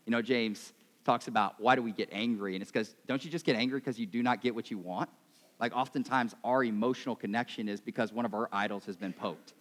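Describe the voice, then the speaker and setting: Joking preacher in a big reverberant hall. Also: male voice, lowish voice, fast. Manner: conversational, self-mocking, swings between loud and quiet. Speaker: pastor. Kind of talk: sermon.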